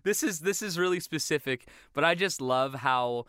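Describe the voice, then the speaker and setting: A young man chatting casually on a podcast about cartoons, animated and quick to break into loud impressions. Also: a little high, smooth, no echo, studio quality.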